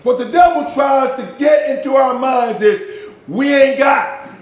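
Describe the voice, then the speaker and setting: Impassioned preacher man, echoey room. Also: measured pace. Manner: impassioned, swings from loud shouts to low hushed lines; uses street slang for emphasis. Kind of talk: sermon.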